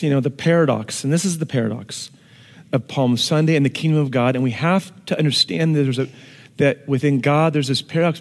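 A pastor giving a sermon, telling stories and moving between hushed and loud, emphatic passages. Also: male voice, medium pitch. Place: church hall with an audience. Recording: long reverb of a church hall.

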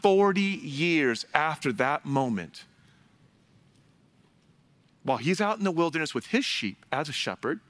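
A man's voice: mid-range voice, a bit bright. A man preaching a sermon in a conversational way, with asides and little jokes to the congregation. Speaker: pastor.

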